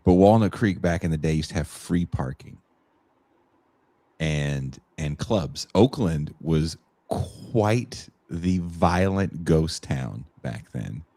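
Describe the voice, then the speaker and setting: A man's voice: very deep voice, animated, slow, dark tone, no room sound. A man from the Bay Area co-hosting a podcast, rambling in a laid-back, profane way. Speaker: podcast co-host. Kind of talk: casual chat.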